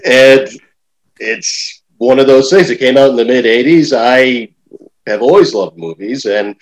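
A man's voice: mid-range voice, unhurried, poor audio. Hesitant middle-aged male podcast host. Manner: hesitant, rambling, many fillers. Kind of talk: casual interview chat.

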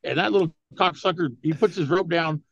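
A man's voice: fairly high pitch, brisk, vocal fry, husky, no room sound, muffled recording. A man guesting on a podcast, telling stories in casual chat, swearing a lot, laughing often and filling with "you know". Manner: profane, laughing, heavy use of "you know".

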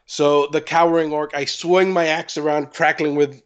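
A man playing a tabletop game, calling out his rolls and actions in a relaxed, matter-of-fact way. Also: on the high side, normal speed, clear, resonant tone, lo-fi sound. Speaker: player. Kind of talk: casual tabletop play.

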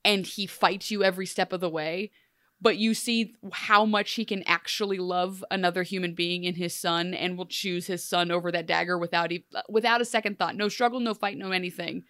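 A woman co-hosting a casual TV recap, animated and self-deprecating. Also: fairly low pitch, brisk, dry recording, studio quality. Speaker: podcast co-host.

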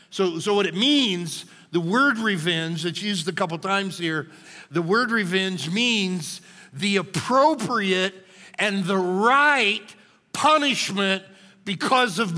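Bright, forceful male preacher in a hall. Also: high voice. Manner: emphatic, animated, checks in with "okay?". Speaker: pastor. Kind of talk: sermon. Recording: long hall reverb.

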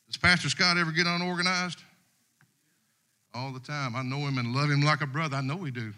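This guest preacher, a middle-aged man, delivers an easygoing, homespun sermon to a congregation in the church sanctuary. His voice runs a little high and a little fast, pushed and bright yet clean, with a folksy, conversational Southern US dialect.

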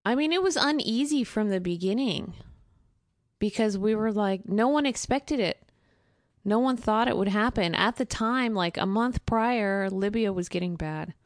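A woman who is a guest in a casual interview, explaining earnestly and filling pauses with fillers. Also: medium pitch, no room sound, studio quality.

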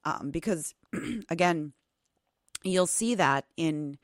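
A woman hosting an interview, asking thoughtful, halting questions. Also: low voice, no echo, clean studio sound. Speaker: podcast host. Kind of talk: conversational interview.

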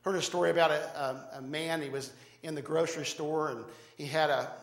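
A man's voice: fairly high pitch, steady tone, brisk, echoey room. A man preaching a sermon to his church, talking conversationally and often repeating words and restarting phrases. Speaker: pastor. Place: church sanctuary.

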